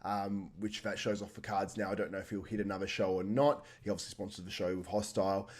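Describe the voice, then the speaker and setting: Male host, quick and chatty, lower voice, casual banter. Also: level tone. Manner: chatty, laughs often. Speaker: podcast host. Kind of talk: casual chat.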